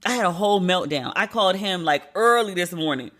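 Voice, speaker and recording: Bright-voiced woman podcast host venting. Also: on the low side, a little fast. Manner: animated, profane venting. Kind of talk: solo podcast monologue.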